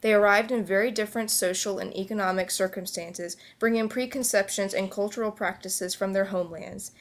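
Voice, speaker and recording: A woman's voice: mid-range voice, steady tone, fairly quick. A woman reading a history report aloud for a class project, stumbling and restarting words now and then. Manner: reads aloud with occasional slips and restarts. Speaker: student presenter.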